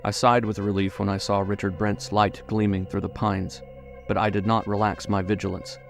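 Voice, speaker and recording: A man narrating a horror audiobook in a measured, suspenseful way. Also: fairly low pitch, flat delivery, gravelly, faint music behind.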